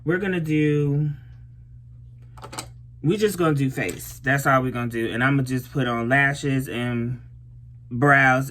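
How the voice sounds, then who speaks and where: A woman's voice: rumbling low, background noise. A young woman doing her makeup while telling a storytime in casual, blunt, profane chat. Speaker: vlogger.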